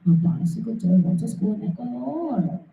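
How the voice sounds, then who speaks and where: A man's voice: high voice, animated, fast, vocal fry, far from the mic. Rambling profane man on a tinny line. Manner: rambling, profane, restless, repeats himself. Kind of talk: rambling monologue. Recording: tinny phone-like sound, roomy, off-mic.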